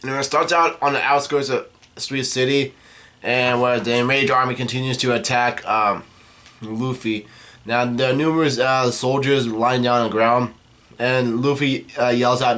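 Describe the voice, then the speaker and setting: Halting man recapping a comic. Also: medium pitch, fairly even intonation, bright, forceful tone. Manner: halting, many fillers and restarts. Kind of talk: casual comic-chapter recap.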